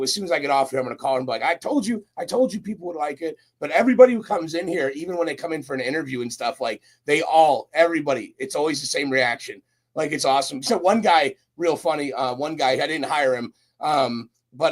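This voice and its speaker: A young man, a guest on a podcast, chatting casually with lots of slang and storytelling. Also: medium pitch. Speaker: guest, roofing company recruiter.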